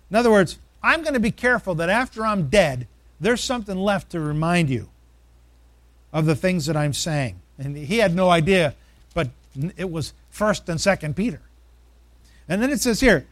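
High-voiced man preaching a sermon. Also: lively intonation, normal speed, a bit bright, no room sound. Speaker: pastor.

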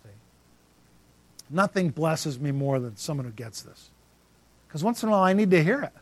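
A man's voice: fairly high pitch, expressive, normal speed. A man preaching a sermon as pastor, emphatic and repetitive, calling out congregants by name.

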